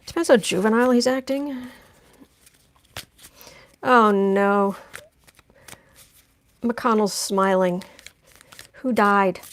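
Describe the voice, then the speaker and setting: A woman's voice: mid-range voice, slow pace, long pauses. A woman giving a chatty live-stream tarot reading, making wry asides as she lays out cards. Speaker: tarot reader.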